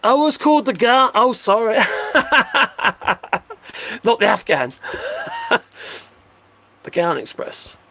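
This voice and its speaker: Casting: older livestream host, bright gravelly voice, high and very animated, jokey and rambling. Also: male voice, slow, long pauses, dry recording. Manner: rambling, jokey, laughs often, answers viewer comments. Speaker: livestream host reading chat. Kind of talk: casual livestream chat. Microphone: phone.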